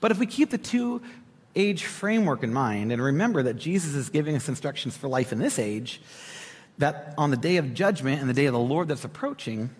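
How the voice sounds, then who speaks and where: A young man giving a conversational sermon as a preacher, animated and talking straight to the congregation with asides. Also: mid-range voice, normal speed. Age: young adult. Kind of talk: sermon teaching. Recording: hall reverb.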